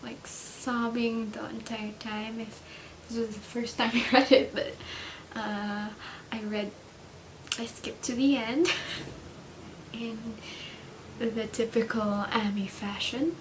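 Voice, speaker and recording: A woman's voice: on the high side, slow, reverberant. A young woman chatting casually in a reading vlog, laughing often and dropping now and then to a whisper. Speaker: book vlogger. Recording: distant mic with steady background hiss.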